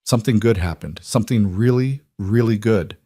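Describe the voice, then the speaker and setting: A man's voice: fairly low pitch, normal speed, warm tone, slightly rough, no echo, clean studio sound. A man voicing an emotional single dad. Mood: earnest. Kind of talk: scripted story narration.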